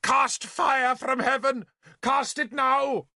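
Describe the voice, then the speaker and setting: A man's voice: medium pitch, lively intonation, moderate pace, a bit bright, dry recording, studio quality. A man voicing a pompous, greedy male bishop who wails and shrieks melodramatically, in an audiobook. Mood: outraged. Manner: melodramatic wailing, shrieking pleas. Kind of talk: audiobook character voice.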